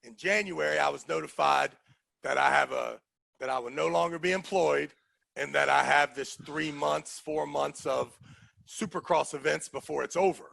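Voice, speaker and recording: A man with a high, gravelly, bright voice tells a story in casual chat. He talks in an animated way and acts out the people in his story. The voice is a little husky and the room is dry. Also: normal speed, dry recording. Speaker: podcast host telling a story.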